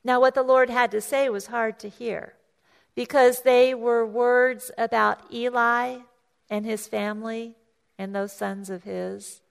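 A woman pastor preaching a sermon, retelling a scripture story in a conversational way, often restarting and repeating words and lifting her voice to act out the characters. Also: gravelly. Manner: storytelling, acts out voices of the story with raised pitch.

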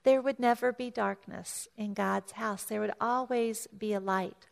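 A woman's voice: steady tone, a little slow, vocal fry. A woman pastor preaching a sermon, retelling a scripture story in a conversational way, often restarting and repeating words and lifting her voice to act out the characters. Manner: storytelling, acts out voices of the story with raised pitch.

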